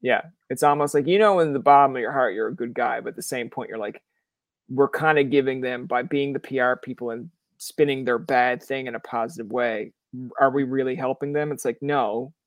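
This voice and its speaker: A young man from Canada hosts a podcast in a relaxed, talkative way. He riffs through stories, acts out what people said, and swears without a second thought. His voice sits in a middle pitch, recorded close and dry with no room sound. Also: fairly quick, dry recording. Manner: animated storyteller who acts out quoted voices, swears freely. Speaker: podcast host. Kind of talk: casual interview chat.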